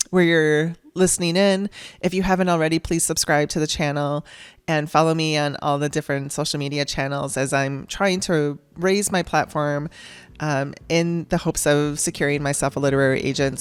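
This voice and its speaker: A middle-aged woman tells a personal story on her podcast, chatty and close to tears, laughing now and then. Her voice is smooth and clear, recorded dry with no room sound. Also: sits low, no echo. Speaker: podcast host.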